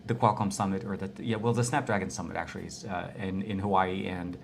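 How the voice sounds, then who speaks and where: A man with a somewhat low voice co-hosts a casual tech podcast from a small, cozy room. He is chatty and laughs easily, often restarting his sentences mid-thought. Faint noise sits under his voice. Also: steady tone, fast talker, gravelly. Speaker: podcast co-host.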